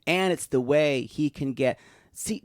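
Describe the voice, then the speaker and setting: This podcast co-host is a man with a fairly high voice, captured at studio quality without any room sound. He rambles through a casual recap, frequently starting sentences over and slipping into quick impressions.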